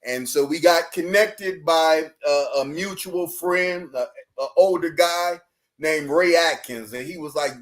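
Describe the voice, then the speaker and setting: A man, a podcast guest, telling a personal story in an animated, lively way, often laughing. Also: a little high, measured pace. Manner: lively, laughing, acts out dialogue in his story.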